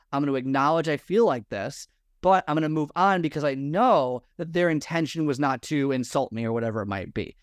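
A man's voice: a little high, no echo, studio quality. Rambling man giving casual advice. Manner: rambling, repeats himself, restarts sentences. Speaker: guest, fitness and lifestyle mentor. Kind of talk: conversational podcast advice. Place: room full of personal stuff.

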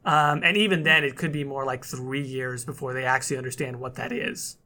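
A man co-hosting a casual gaming talk show, animated and laughing often as he acts out what others said. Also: medium pitch, brisk. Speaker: podcast co-host. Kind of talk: casual chat.

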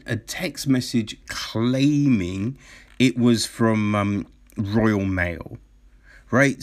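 Male commentator, slow and unhurried, with a swooping, animated pitch, blunt, exasperated and sweary. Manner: blunt, exasperated, swears, many "right?" fillers. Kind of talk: casual opinion commentary.

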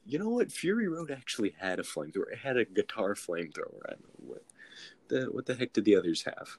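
Playful enthusiastic man, low voice. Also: big pitch swings, breathy edge. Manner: enthusiastic, playful, quick to laugh. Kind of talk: casual chat.

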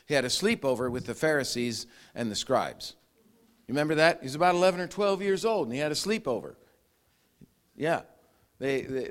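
Animated preaching man, lively pitch. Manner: animated preaching, acts out quotes, growls and laughs. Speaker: pastor. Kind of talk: sermon.

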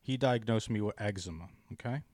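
A man in casual chat, ranting profanely about his bad day, dropping to mumbles and then yelling. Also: lowish voice, a little fast, no room sound.

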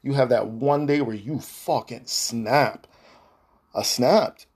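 A man's voice: medium pitch, takes it slowly, a little mellow, slightly rough. A man hosting a podcast, delivering a heated, profane, repetitive monologue addressed to an ex-partner. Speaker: podcast host.

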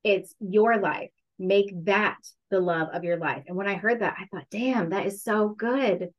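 A woman's voice: mid-range voice, a little slow, lo-fi sound. A woman guest in a casual interview, speaking candidly and reflectively, stretching words for emphasis.

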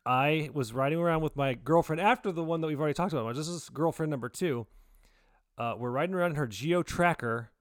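A man in his forties co-hosting a podcast, telling a story in casual, excitable chat. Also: fairly quick, no room sound, studio quality. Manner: excitable storyteller, jumps pitch for quoted voices. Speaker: podcast co-host.

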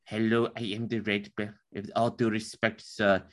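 A man's voice: fairly low pitch, little pitch movement, normal speed, fairly bright tone, voice pushed down, natural voice. A man doing a solemn German pilot. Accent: put-on stereotypical German.

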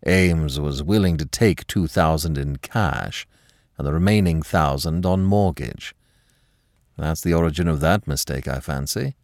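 Secretive husband in a storybook reading, deep and grave, dry close sound, as the narrator plays him. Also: male voice, very animated, no room sound, exaggerated voice. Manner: grave, low, deliberate. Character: husband, smooth-talking, secretive, quick to anger. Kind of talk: audiobook character reading.

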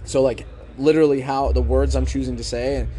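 A man's voice: mid-range voice, steady tone, warm tone, faint music behind. A young man hosting a podcast, talking through a book in a casual monologue, shaping his tone up and down on purpose and tossing in rhetorical questions. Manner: deliberate, rising and falling tone to keep listeners hooked; conversational, with filler "like" and rhetorical questions. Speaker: podcast host.

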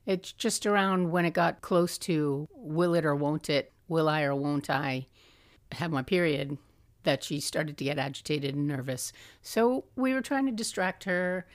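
A woman's voice: deep voice, a little slow, no echo. A middle-aged woman hosting a podcast, telling personal family stories in a chatty way, laughing often and acting out quotes. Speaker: podcast host. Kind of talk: personal storytelling.

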